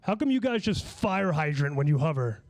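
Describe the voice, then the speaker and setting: A man with a somewhat high voice performs rambling stand-up in a small comedy venue. He sounds slightly tipsy and slurs his words a little. His delivery is loose and casual, full of restarts and swearing. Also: very animated, moderate pace, darkish tone. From Long Island, New York.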